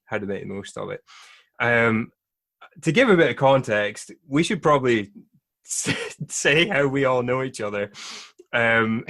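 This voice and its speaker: A podcast host chats casually and laughs often as he talks. His voice sits at a medium pitch with a fairly bright tone.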